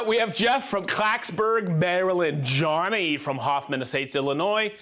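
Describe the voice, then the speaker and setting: A man hosting a live show, reading out viewer names in a playful, energetic way. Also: high-pitched, unhurried, hardly any pauses. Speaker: show host. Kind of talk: live show shout-outs.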